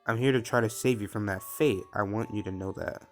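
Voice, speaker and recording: A man reading a devoted time-traveling protagonist in a story game, quietly and earnestly. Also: on the low side, steady tone, brisk, faint music behind, natural voice.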